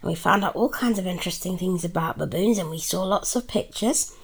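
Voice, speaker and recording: A woman's voice: lowish voice, fairly quick, gravelly, a little hiss or hum. A woman playing a mother in a role-play, fussing and teasing in a motherly way.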